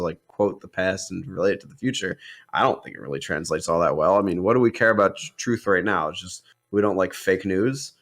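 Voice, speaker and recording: A man in a loose, casual film debate who keeps restarting his sentences and leaning on fillers. His voice sits a little low, and his delivery is animated and sarcastic. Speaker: podcast co-host.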